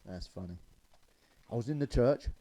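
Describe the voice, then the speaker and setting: A man's voice: mid-range voice, expressive, moderate pace, dark tone, low-quality recording. A man telling stand-up jokes, loose and chatty, chuckling at his own punchlines. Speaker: stand-up comedian.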